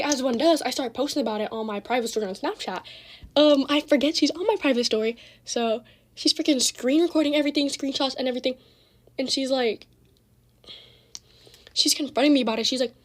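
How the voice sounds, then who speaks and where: A teenage girl tells a casual storytime packed with slang and cursing, getting animated as she recounts the drama. Her voice sits high.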